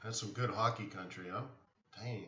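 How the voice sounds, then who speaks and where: A man's voice: fairly low pitch, steady tone, moderate pace, bright, forceful tone. A man hosting a live trading stream, talking casually and rambling a bit as he answers viewers in the chat. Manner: rambling, answers chat questions, many restarts. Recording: roomy, distant, dull sound.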